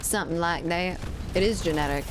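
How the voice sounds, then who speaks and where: A woman's voice: fairly low pitch, fairly quick, noisy background. A woman in her twenties from South Louisiana, streaming a shooter game and chatting casually with viewers, joking and swearing often. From South Louisiana, USA. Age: 20s. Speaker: gaming streamer. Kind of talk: casual chat while playing a shooter and reading chat. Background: faint game gunfire.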